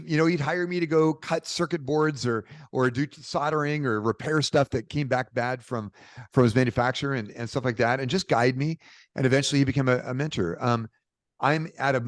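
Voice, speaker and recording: A middle-aged man from Portland, Oregon, telling stories as a podcast guest in a lively, informal way. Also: medium pitch, dry recording. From Portland, Oregon, USA. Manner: animated, informal, peppered with "dude" and "bro". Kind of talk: casual conversational storytelling.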